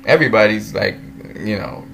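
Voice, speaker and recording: A movie commentator talks casually about superhero films, laughing often, breaking into giggles between sentences and playfully doing voices for the characters he remembers. His lowish voice is expressive, gravelly and a bit bright, at normal speed, with slight background noise.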